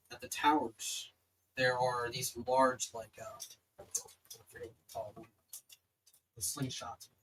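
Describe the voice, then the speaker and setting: A man's voice: mid-range voice, fairly bright tone, slight background noise, poor audio. A man narrating as dungeon master of a tabletop game, loose and casual with lots of filler words.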